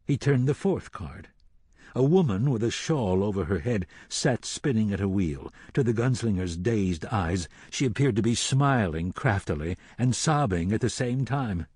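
A man reads fantasy narration slowly and dramatically. His low voice is husky and lively in pitch. It sounds dry and close to the mic. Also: no room sound. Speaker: audiobook narrator. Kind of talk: scripted narration.

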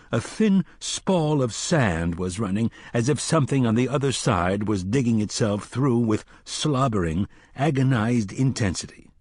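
A male audiobook narrator with a husky, slightly grainy voice, reading at a measured pace that slows for suspense. The recording is close and dry, with no room echo. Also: mid-range voice, a little mellow. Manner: measured, slowing for tension.

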